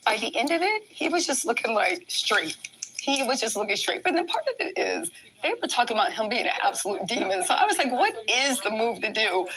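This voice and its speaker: Woman, casual livestream host, chatty, reads comments aloud, slightly high voice, crowd chatter behind. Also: sing-song, a little fast, rough recording. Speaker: livestream host covering a trial.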